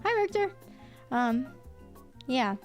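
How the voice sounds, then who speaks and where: A young woman streamer telling stories in casual chat, animated, laughing often and swearing casually. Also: high voice, slow, soft background music.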